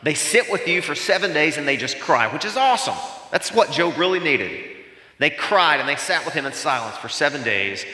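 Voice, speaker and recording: In an echoey hall, a pastor preaches an animated sermon, peppering the congregation with rhetorical questions. His voice is a little high and his pace fairly quick.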